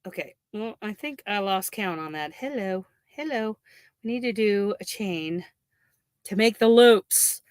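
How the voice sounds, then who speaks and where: A woman's voice: medium pitch, lively intonation, a little slow, a little mellow, dry recording. A woman hosting a crochet livestream, chatting in a rambling, gushing way and laughing often. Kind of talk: casual livestream chat.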